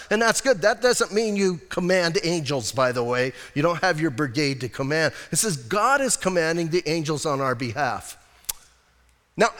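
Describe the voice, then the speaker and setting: A male pastor giving a sermon in a church, telling stories in a casual, animated way. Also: sits high. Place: church sanctuary. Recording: long church reverb.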